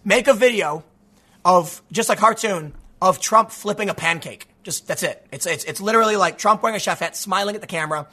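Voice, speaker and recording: A man with a high, bright voice delivers sarcastic commentary. He is mocking and animated and laughs often. His voice is going hoarse. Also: fairly quick. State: losing his voice. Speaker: political commentary host.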